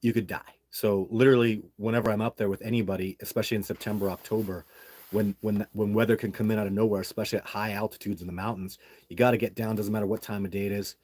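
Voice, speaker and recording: A Canadian man with a fairly low voice tells a long story straight to the listener in a loose, casual monologue. He is blunt and heated and curses freely as he vents. The recording is dry and close, with no room sound. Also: little pitch movement, fast talker, darkish tone, no room sound. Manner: blunt and heated, swears freely while venting. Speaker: independent Sasquatch researcher and show host.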